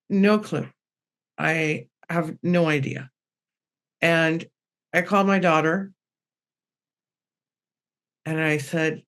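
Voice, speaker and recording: A middle-aged woman, a guest medium, telling personal stories on a podcast in a lively way and acting out the dialogue. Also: deep voice, slow pace, pauses often. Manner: animated, acts out the dialogue in her stories.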